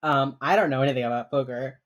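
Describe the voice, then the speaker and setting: A woman's voice: extremely low pitch, fast talker, lo-fi sound. A woman co-hosting a podcast, rambling through a TV episode recap, swearing casually and laughing often. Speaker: podcast co-host.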